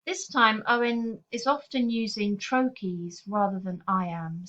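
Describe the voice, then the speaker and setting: A woman's voice: mid-range voice, takes it slowly, hardly any pauses. Woman teacher, slightly muffled recording. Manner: clear, explanatory, steady teaching tone. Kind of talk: recorded poetry lesson. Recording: slightly dull lo-fi audio.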